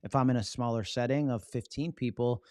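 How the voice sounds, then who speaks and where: Energetic man coaching on a live stream. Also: mid-range voice, a little fast, no echo, studio quality. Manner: energetic, keeps checking in with "right?". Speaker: public speaking coach hosting a live stream. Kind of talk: casual live-stream teaching.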